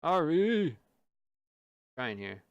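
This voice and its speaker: A man's voice: a little high, big pitch swings, extremely slow, dry recording, highs cut off. Dry-voiced joking male stream host. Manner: joking, stumbling restarts. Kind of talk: casual stream chat.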